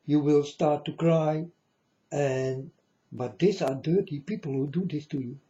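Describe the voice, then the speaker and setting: A man's voice: fairly high pitch, a little slow, dark tone, highs cut off. Earnest man warning his folks. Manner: repetitive, earnest, addresses listeners as folks. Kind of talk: rambling spoken warning to viewers.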